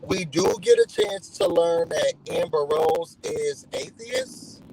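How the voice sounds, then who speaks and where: A man's voice: high voice, slow, vocal fry, poor audio. A man casually recapping a reality show for his channel, telling it animatedly and acting out what people said. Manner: animated storytelling, acting out quotes in other voices.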